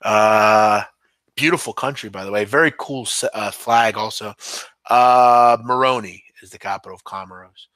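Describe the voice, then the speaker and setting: A man's voice: lowish voice, normal speed, a bit bright, dry recording. A man hosting a podcast, chatting casually with viewers in a rambling, hesitant way, full of ums and restarts and. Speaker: podcast host. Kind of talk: casual live-stream chat answering viewers.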